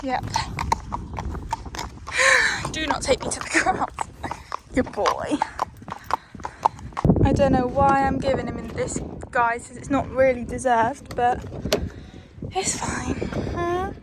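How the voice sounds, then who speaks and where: A woman's voice: sits high, animated, slow, pauses often, very noisy. A young woman chatting to camera about her horse, casual and self-mocking, walking outdoors. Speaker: horse rider vlogger.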